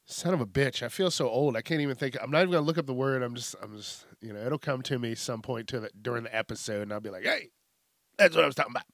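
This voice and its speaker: A middle-aged podcast host delivers a casual, comedic news rant that's profane and rambling, constantly breaking off mid-sentence. His medium-pitched voice is fast with few pauses, recorded in studio quality with no echo.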